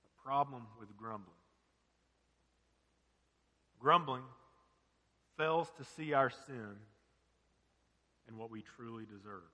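A man's voice: medium pitch, slow, long pauses, pushed and bright, big-room sound. A man preaching a sermon as pastor, earnest and full of rhetorical questions.

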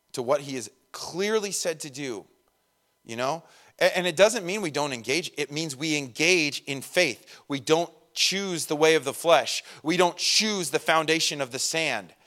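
A pastor with a slightly higher-than-usual male voice delivers a casual, conversational sermon. He slips into little acted voices for the people he quotes, and his level rises and falls sharply. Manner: conversational, acts out quoted voices, swings loud and soft.

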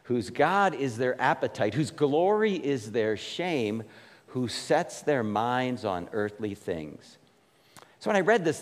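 A male pastor delivers a casual, questioning sermon, checking in with "right?" after his points. His voice climbs and dips with lively swings in pitch. Long reverb from a large hall trails each phrase. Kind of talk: conversational sermon.

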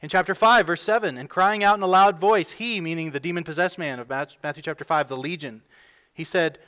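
A male pastor delivers a sermon with a voice sitting a bit above the usual for men. He leans hard into his points, then falls back to a hushed tone before rising again. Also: on the high side, fairly quick, clean tone. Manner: emphatic preaching, voices quoted figures with rising force.

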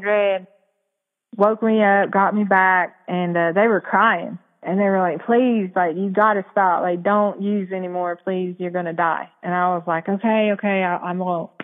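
Frank woman on a tinny line. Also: medium pitch. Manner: casual, frank, laughs often. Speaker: podcast guest. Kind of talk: candid storytelling.

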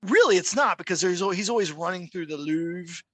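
A man's voice: high voice, fairly quick, background noise. A middle-aged man co-hosting a podcast in casual chat, telling stories and acting out quoted voices. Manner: animated storyteller, acts out quoted voices. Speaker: podcast co-host.

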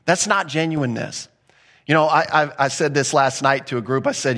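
Male pastor, sermon delivery, talky and direct, slightly high-pitched, builds emphasis. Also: brisk, fairly bright tone. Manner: conversational preaching with acted asides and rising emphasis.

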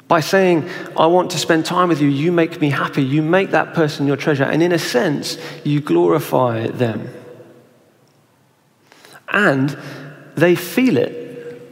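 A man's voice: a little high, gravelly. A young man preaching a sermon in a conversational way, often asking his listeners questions. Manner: conversational, asks the audience questions. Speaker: pastor. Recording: reverberant hall.

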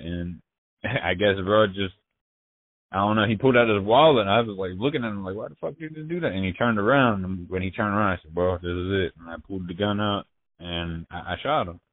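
Low-voiced man on a tinny phone line. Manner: profane, halting, slangy, with frequent restarts. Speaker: interviewee. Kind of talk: casual storytelling.

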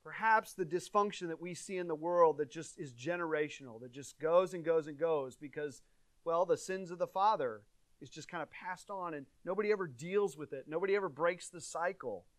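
A man's voice: a little high, fairly quick, no room sound. A male pastor delivering an earnest, conversational sermon, his volume swelling and dropping for emphasis. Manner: earnest, conversational preaching with dynamic swings in volume.

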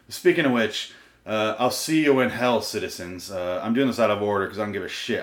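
A man's voice: lowish voice, normal speed, long pauses, reverberant. A man ranting to his camera in a solo vlog, profane and exasperated. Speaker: vlogger. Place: room recorded on camera and portable recorder.

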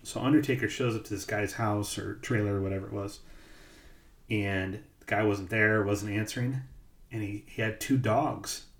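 A man's voice: on the low side, fairly even intonation, normal speed, creaky, roomy sound. A man co-hosting a podcast, telling stories in casual chat with lots of ums and likes. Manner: rambling storyteller, many ums and likes. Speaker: podcast co-host.

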